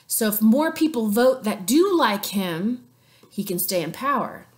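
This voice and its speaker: A woman's voice: fairly high pitch, lively intonation, unhurried. A woman teacher giving a playful, chatty history lesson with sarcastic asides. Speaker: sixth grade teacher.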